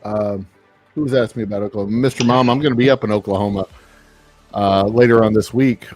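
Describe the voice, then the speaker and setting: A man's voice: on the low side, fairly even intonation, brisk, a little mellow, no room sound. Easygoing male distiller from Texas, rambling host chatter, dry mic, light background music. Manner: laid-back, rambling, chuckles often. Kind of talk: casual live-stream chat.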